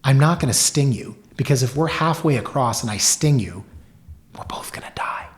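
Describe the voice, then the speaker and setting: A man's voice: medium pitch, lively intonation, fairly quick, natural voice. A man voicing a sly scorpion from a fable in his own matter-of-fact podcast voice.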